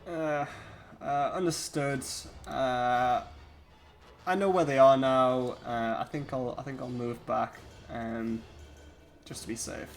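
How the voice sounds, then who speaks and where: A man's voice: medium pitch, fairly even intonation, takes it slowly, soft background music. A man talking casually as a player in a tabletop game, hesitant, with many fillers and laughs.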